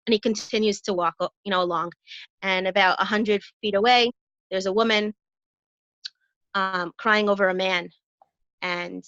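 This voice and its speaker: Woman guest, casual storyteller, bright voice, dry lo-fi call audio. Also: mid-range voice, fairly even intonation, moderate pace, no echo. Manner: jokey storyteller, lots of fillers and restarts. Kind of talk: casual interview chat.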